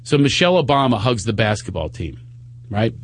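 A man hosting a radio talk show, telling comic stories and acting out the people in them. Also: brisk. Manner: animated storytelling, acts out quotes in a high voice. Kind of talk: casual comedic chat.

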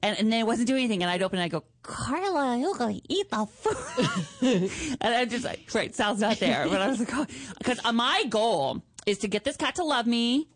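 A woman co-hosting a radio show, telling a story in casual chat with lively, animated delivery and squeaky put-on voices. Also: fast, few pauses, no echo.

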